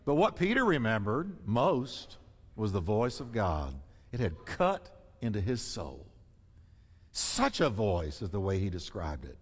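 A man's voice: wildly swooping pitch, unhurried, husky. Emphatic preacher man in a reverberant hall. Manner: emphatic, swings between loud high peaks and low hushed asides. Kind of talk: sermon. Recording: long reverb of a large hall.

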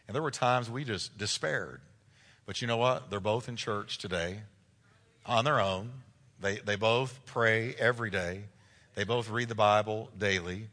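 Emphatic middle-aged pastor in echoing hall. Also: male voice, bright, forceful tone. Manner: emphatic, repeats key phrases, rises in pitch for emphasis. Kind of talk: sermon. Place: church sanctuary. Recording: long reverb of a large hall.

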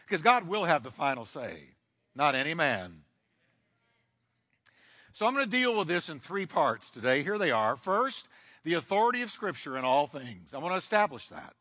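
A male pastor preaching a sermon emphatically, with sweeping shifts in pace and dramatic pauses, in a church. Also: a little high, sing-song, pushed and bright. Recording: long hall reverb.

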